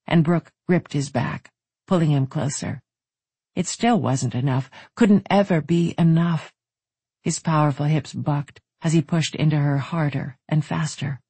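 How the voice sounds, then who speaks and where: A narrator reading a romance audiobook in an even, intimate way. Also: medium pitch, husky, dry recording.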